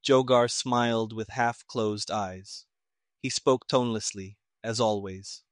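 A man narrating an audiobook in a steady, plain storytelling manner. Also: on the low side, takes it slowly, dry recording, clean studio sound.

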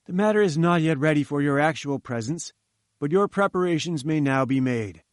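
A man's voice: fairly high pitch, animated, moderate pace, no room sound, studio quality, lightly acted. A man voicing an imperious, scornful older male scientist who talks in curt commands, in an audiobook reading.

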